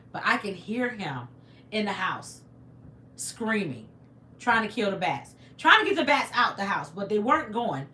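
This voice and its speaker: A woman's voice: mid-range voice, a bit bright, reverberant. A woman hosting a live stream, telling a story dramatically, acting out screams and sounds, and reading viewer comments aloud. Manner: acts out screams and sound effects. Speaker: livestream host. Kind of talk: casual storytelling to a live chat.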